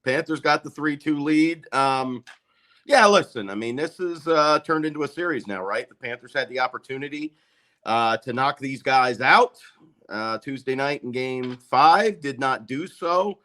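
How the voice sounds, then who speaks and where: A man's voice: mid-range voice, expressive, measured pace, pushed and bright. A man as a hockey reporter guest on a sports talk show, reassuring and easygoing, with frequent um and uh fillers. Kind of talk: casual sports talk interview.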